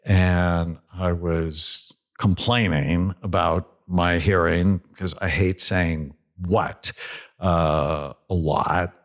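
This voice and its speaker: A man who is a psychiatrist hosting a podcast interview, talking in an earnest, reflective, measured way. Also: deep voice, a bit bright.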